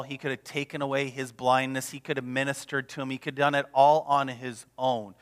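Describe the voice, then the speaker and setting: A man preaching a sermon as pastor, passionate and emphatic, sometimes dropping to a hush. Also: mid-range voice, flat delivery, brisk, hardly any pauses. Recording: long reverb of a large hall.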